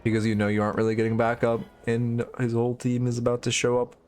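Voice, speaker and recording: A man's voice: mid-range voice, little pitch movement, fast, a little mellow, faint music behind. A man giving casual live-stream coaching commentary on a video game, blunt and opinionated, swearing freely.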